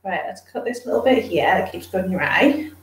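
A woman's voice: lowish voice, animated, brisk. A woman streaming casually while grooming her dog, chatting with viewers and cooing baby talk to the dog. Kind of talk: casual live chat with viewers. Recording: roomy, distant from the mic.

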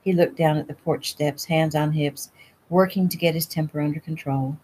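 A woman reading her own novel aloud at home in a relaxed, conversational way. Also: sits low, normal speed, slight background noise, rough recording. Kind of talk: casual audiobook reading.

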